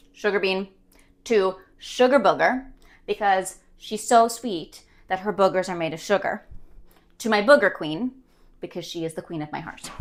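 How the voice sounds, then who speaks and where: Giggly young woman rambling on her stream, lots of ums, middle pitch. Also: a bit bright. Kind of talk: casual chat on a stream.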